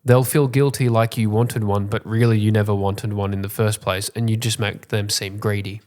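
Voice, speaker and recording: A young man co-hosting a casual podcast, dry and teasing, who jumps into higher voices when he quotes people. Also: level tone, normal speed, a little mellow. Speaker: podcast co-host. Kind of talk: casual chat.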